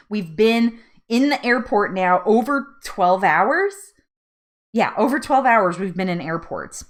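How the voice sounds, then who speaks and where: A woman hosting a casual live chat tells a story with a very lively, swooping pitch. She laughs often and acts out her own desperate pleas. Her voice sits in a middle register. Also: measured pace. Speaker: host of a live weight loss chat.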